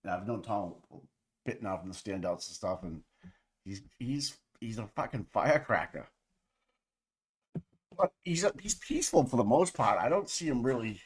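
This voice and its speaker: A man's voice: on the low side, expressive, normal speed, long pauses, slightly rough. Profane, rambling male stream host. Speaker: livestream co-host. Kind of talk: casual livestream chat.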